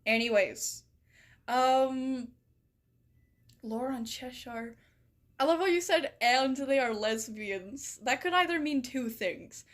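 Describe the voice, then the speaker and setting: Taking things slowly and pausing often, a woman with a slightly high voice reads viewer stories on her stream in a loose, chatty style. Her talk wanders, packed with "like" and "right?", and she curses often.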